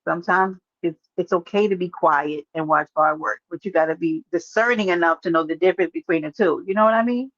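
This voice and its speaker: A woman's voice: lowish voice, brisk, hardly any pauses, fairly bright tone, dry recording. Chatty woman hosting a dull lo-fi livestream. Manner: chatty and teasing, answers viewers by name. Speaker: livestream host. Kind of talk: casual live-stream chat.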